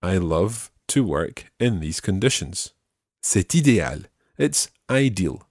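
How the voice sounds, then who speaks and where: Low-voiced man teaching French phrases. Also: very animated, darkish tone, dry recording, clean studio sound. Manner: slow careful repetition of phrases. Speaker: language teacher.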